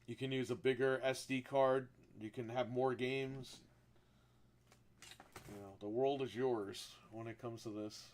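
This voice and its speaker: A male live streamer talks loosely to his chat in a voice that sits at an ordinary middle pitch. He rambles and curses freely. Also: unhurried, slight background noise. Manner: profane, rambling and animated when telling stories.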